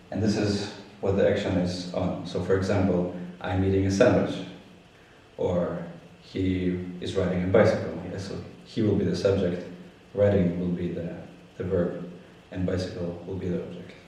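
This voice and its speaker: A man's voice: low-pitched, flat delivery, unhurried, dark tone, very echoey, distant mic, poor audio. A man teaching a beginner language lesson, explaining patiently step by step.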